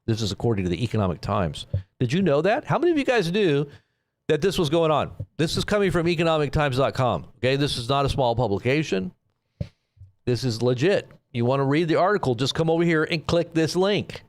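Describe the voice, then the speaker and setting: A man's voice: a little high, very animated, brisk. A man hosting a live stream, giving rambling, sarcastic commentary on the news. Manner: sarcastic, rambling, with frequent restarts.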